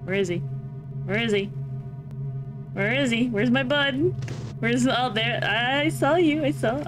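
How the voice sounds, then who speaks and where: A woman streamer chats casually over her game, cracking jokes, swearing freely and breaking into frequent laughter. Her pace is slow and relaxed. Game music plays clearly in the background. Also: fairly high pitch. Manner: laughing, swearing, joking asides. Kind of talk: casual let's-play commentary.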